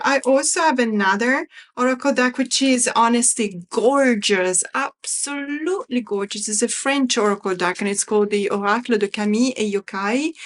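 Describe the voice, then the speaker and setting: A woman chatting on her tarot vlog, worried while she waits for news and rambling with restarts as she unboxes decks. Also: mid-range voice. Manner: chatty, distracted, many restarts and fillers. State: worried, waiting for evacuation news. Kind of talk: casual chat, reading card guidebook aloud.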